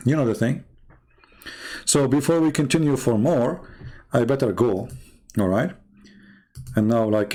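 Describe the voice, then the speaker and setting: His medium-pitched voice is gravelly and darkish, with a breathy edge. The man hosts a livestream, delivering a taunting monologue in a combative, mocking style that challenges his listeners.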